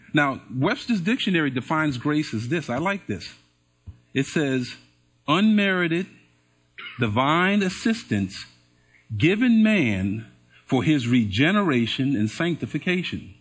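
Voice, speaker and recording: Husky, lively-voiced male preacher. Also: a little high. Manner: call-and-response, asks congregation to repeat and answer. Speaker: pastor. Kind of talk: sermon. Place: church service with congregation.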